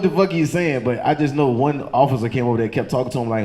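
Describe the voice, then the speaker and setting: A man from doing loose, profane stand-up storytelling on a comedy club stage, jumping into high squeaky voices for the people in his story. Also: animated, quick pace, hardly any pauses, a little mellow. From Chesterfield County, Virginia.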